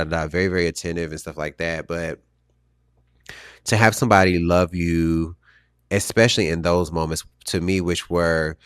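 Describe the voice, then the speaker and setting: A man with a very low voice tells a personal story on his podcast. He sounds reflective and halting, often trailing off and starting again. The sound is dry and close to the mic. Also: a bit bright, clean tone, no echo. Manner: reflective, halting with restarts and fillers. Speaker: podcast host.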